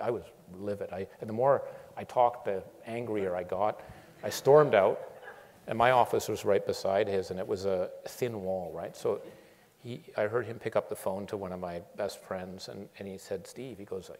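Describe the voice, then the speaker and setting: In a lecture hall with a long, echoing sound, a male guest speaker recounts his story at a moderate pace. His fairly low voice is animated, and he frequently halts, starts over, and repeats words.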